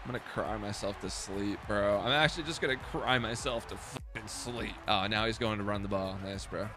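A young man giving loud, profane, self-mocking commentary while streaming a football video game. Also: lowish voice, a little fast, over music. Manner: profane, self-mocking trash talk with sudden outbursts. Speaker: gaming streamer. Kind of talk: live gameplay commentary.

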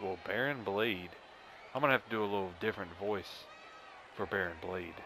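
A man hosting a casual let's-play, joking and excitable as he comments on the game. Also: fairly low pitch, moderate pace, noisy background. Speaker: gaming channel host.

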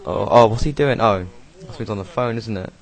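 A man's voice: fairly low pitch, brisk, very noisy. A young British man casually commenting over his own video, rambling, swearing and laughing as he goes. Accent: British English. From Britain. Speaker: video creator doing commentary.

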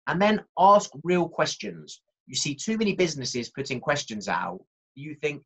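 A man presenting a marketing workshop in a lively, conversational way, talking straight to his audience. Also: on the high side, moderate pace, husky, highs cut off.

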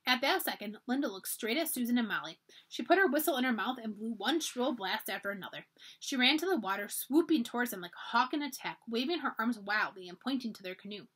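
A woman's voice: a little high, expressive, fast, fairly bright tone, husky. A woman reading a children's storybook aloud for a library, narrating expressively.

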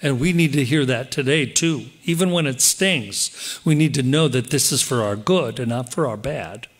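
A pastor preaching a sermon in church, lively and direct, slipping into quoted voices as he explains the text. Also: mid-range voice, moderate pace. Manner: animated, acts out quoted voices.

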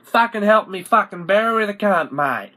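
Sketch character: a man doing a loud, high-strung Australian lad, bright and shouty, constant threats. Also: unhurried. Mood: shouting. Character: aggressive young Australian lad, threatening and hot-tempered.

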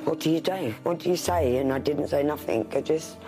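A person recounts events loudly and emotionally, sounding distant from the mic. Faint music plays behind the voice. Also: medium pitch, fairly quick. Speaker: interviewee. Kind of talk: emotional interview recollection.

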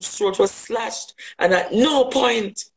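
A man's voice: high voice, takes it slowly, creaky, rough recording. A man with a Jamaican accent giving an impassioned livestream address, emphatic, with rhetorical questions and repetition. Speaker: activist on a livestream.

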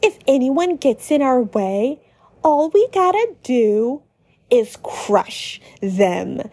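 A woman voicing a tough, bloodthirsty female monster with a gruff, menacing delivery in a game read-through. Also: high voice, very animated, takes it slowly, mellow, exaggerated voice. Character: tough rough-edged female monster, fierce.

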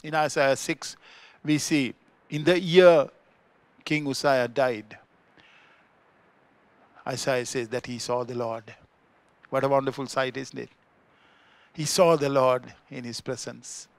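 Sri Lankan pastor preaching with dynamic emphasis. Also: male voice, fairly even intonation, slow pace, pauses often, no room sound. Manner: swings between loud emphatic peaks and quiet low asides. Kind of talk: sermon. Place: church.

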